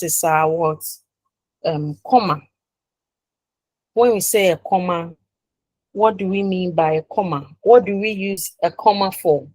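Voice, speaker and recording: A woman's voice: medium pitch, darkish tone, dry recording, poor audio. Woman lecturing a class. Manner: leaves sentences open with "what?" for the class to finish; repeats and rephrases points, checking the class follows. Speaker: university lecturer.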